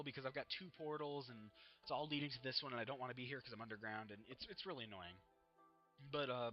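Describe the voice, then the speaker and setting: A man's voice: mid-range voice, dry recording. Rambling teen guy, dull lo-fi mic. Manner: rambling, self-interrupting storyteller. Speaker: gaming vlogger. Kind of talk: casual chat over gameplay.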